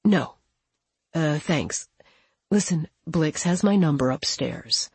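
A woman voicing a reclusive man who speaks quietly and kindly through a closed door, her voice lowered and husky. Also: lively intonation, slow, no echo, full character voice. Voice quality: muffled, quiet, low. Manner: gentle, kind, brief. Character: reclusive soft-spoken man behind a door.

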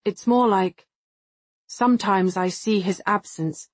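A woman reading the lines of a calm, gentle adult man in an audiobook, quiet and careful in tone. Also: medium pitch, takes it slowly, no echo. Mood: wry.

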